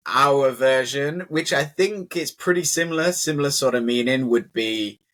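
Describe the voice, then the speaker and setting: A man's voice: mid-range voice, moderate pace, fairly bright tone. A British man teaching English in a casual conversational lesson, chatty and full of "like" fillers.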